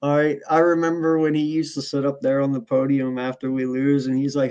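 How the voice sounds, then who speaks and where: A man's voice: medium pitch, monotone, brisk, hardly any pauses, darkish tone, clear, resonant tone. A man co-hosting a sports podcast, ranting in a heated, profane, casual way. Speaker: podcast co-host.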